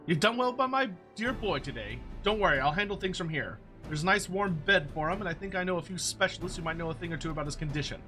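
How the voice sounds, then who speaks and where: A man's voice: high voice, expressive, fast, hardly any pauses, bright, forceful tone, soft background music. A man reading as a bossy cook mother. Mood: motherly. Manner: bossy, scolding. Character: brash middle-aged woman, cook and healer mother.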